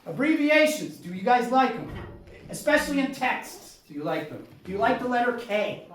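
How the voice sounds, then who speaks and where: A man performing a solo stand-up storytelling set on a small theater stage, animated and jumping to loud exclaimed punchlines. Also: very high-pitched, moderate pace. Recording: roomy stage sound from far off.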